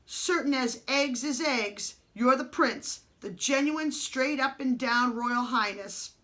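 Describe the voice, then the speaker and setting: Woman putting on a gruff big outlaw man. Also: high voice, takes it slowly, heavily acted. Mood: menacing. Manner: loud rough rustic speech. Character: gruff big male outlaw, boastful and menacing.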